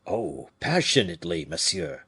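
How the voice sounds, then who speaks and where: A man voicing a humble, regretful royal falconer in an audiobook, speaking low and subdued in a confiding tone. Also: animated, moderate pace, fairly bright tone, breathy edge, no echo, exaggerated voice.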